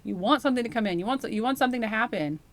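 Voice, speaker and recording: A woman's voice: on the high side, rapid-fire. Woman tarot reader, casual and rambling, speaks directly to the viewer. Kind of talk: casual intuitive tarot reading.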